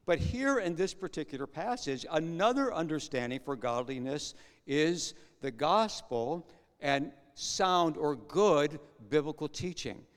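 A man's voice: on the high side, smooth. Man preaching a sermon in a reverberant hall. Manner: conversational preaching with rhetorical questions. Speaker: pastor.

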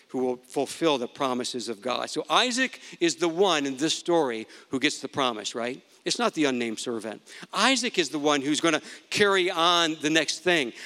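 A man delivers a storytelling sermon, his tone bright and forceful. He acts out the quoted lines with large swings in his voice. A long hall echo trails behind every phrase. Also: fairly high pitch. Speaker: preacher.

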